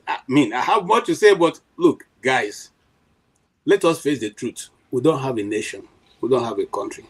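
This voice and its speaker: A man's voice: mid-range voice, rough recording. A middle-aged Nigerian man giving impassioned political commentary on a panel, emphatic, with frequent restarts and "you know" fillers.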